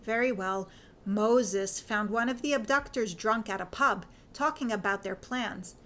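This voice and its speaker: A woman reading as a brisk, teasing lady detective. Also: medium pitch, fairly bright tone, a little hiss or hum, close to an everyday voice. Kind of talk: fan fiction audiobook reading.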